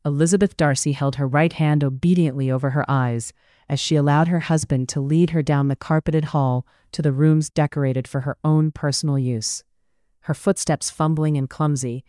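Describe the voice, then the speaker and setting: An audiobook narrator reading a period novel in a measured, even storytelling manner, recorded on a studio microphone. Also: medium pitch, no echo. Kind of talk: scripted narration.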